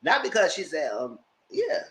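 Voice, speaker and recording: Animated man recapping reality TV. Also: on the high side, moderate pace, poor audio. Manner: animated retelling with mock voices. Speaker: TV reality show commentator. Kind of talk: casual recap commentary.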